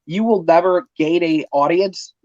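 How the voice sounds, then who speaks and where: A man's voice: on the high side, a little slow, a little mellow, dry recording, dull audio. A man chatting casually on a stream, talking emphatically with lots of fillers. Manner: emphatic, filler-heavy rambling. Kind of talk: casual chat.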